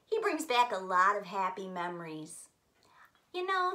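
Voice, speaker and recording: Slow, lively-voiced woman teaching children. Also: mid-range voice. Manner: slow, gentle, animated talk to children. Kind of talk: children's Bible lesson.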